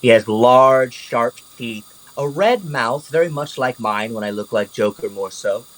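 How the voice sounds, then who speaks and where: A man narrating a tabletop game as game master, animated and casual, swearing freely. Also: mid-range voice, a little slow, low-quality recording.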